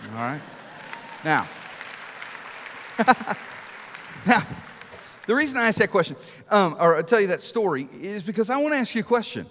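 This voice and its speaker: A middle-aged man preaching a sermon to a church, telling stories and asking rhetorical questions, sometimes dropping to a hush for emphasis. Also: fairly high pitch. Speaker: guest preacher. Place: large church auditorium. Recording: long reverb of a large hall.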